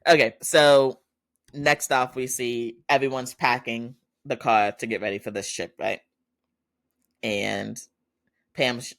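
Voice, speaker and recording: A man's voice: medium pitch, fairly bright tone. A man hosting a podcast, recapping a TV drama in a casual, chatty way with frequent laughter. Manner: chatty, laughs often, loose storytelling with fillers. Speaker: podcast host.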